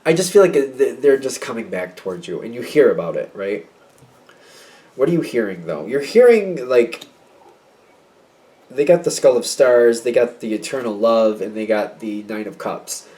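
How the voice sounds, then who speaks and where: Male tarot reader, mid-pitched, rambling conversational delivery, slightly distant room sound. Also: animated, moderate pace, mellow. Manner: chatty, rambling, many fillers and quoted asides. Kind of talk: casual tarot reading monologue.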